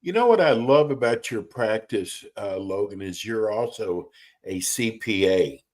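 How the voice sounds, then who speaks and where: A man's voice: lowish voice, animated, unhurried, a little mellow. A man hosting a live radio talk show, chatty and folksy, sometimes losing his train of thought. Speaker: host. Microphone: remote call with a bad connection.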